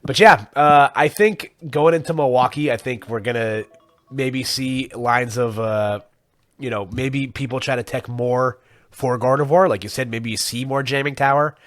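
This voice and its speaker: Male podcast co-host, mid-pitched, loose and rambling with fillers, dry close-miked sound. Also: normal speed, no echo. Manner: rambling, full of fillers, chuckles often. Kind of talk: casual chat.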